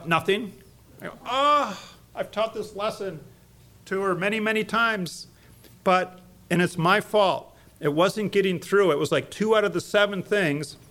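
A man's voice: sits high, a bit bright. A middle-aged man teaching a church class on evangelism, emphatic, quizzing his audience with fill-in-the-blank questions.

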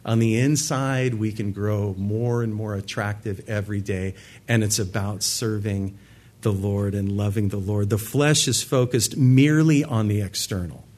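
Husky-voiced man preaching a sermon. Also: on the low side, normal speed, a little mellow. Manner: earnest, emphatic preaching with repeated words. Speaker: pastor. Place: church sanctuary with a live congregation.

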